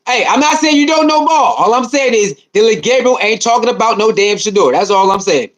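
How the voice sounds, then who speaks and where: High-voiced animated livestream host. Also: male voice, brisk, hardly any pauses. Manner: animated, repetitive, slangy banter with viewers. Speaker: livestream host reading chat. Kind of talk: casual livestream chat.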